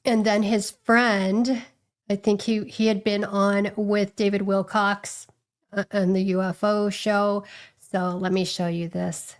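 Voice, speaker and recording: A woman's voice: mid-range voice, little pitch movement, slow. Woman livestream host, rambling casual commentary, full of fillers and restarts. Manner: chatty, rambling, thinks aloud with fillers.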